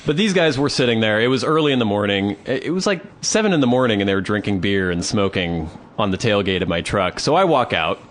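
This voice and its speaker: A male podcast co-host spins a casual anecdote, jumping between his own voice and the people he met. His pitch swings widely as he tells it. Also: quick pace, few pauses. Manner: animated anecdote teller, acts out both sides of dialogue. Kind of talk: casual storytelling chat.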